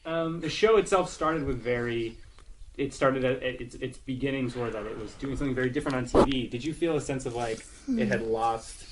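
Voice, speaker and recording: A man interviewing on the radio, asking halting, searching questions. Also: medium pitch, noisy background.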